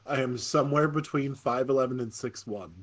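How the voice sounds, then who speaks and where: A man running an online tabletop game and giving brisk, practical instructions to the players. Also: medium pitch, a crowd in the background. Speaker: game master. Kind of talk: casual chat running a game.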